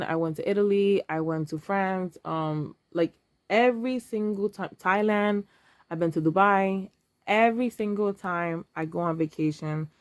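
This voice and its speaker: A woman's voice: medium pitch, dry recording. A woman in her thirties, talking casually and emotionally to camera while counting cash aloud. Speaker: vlogger.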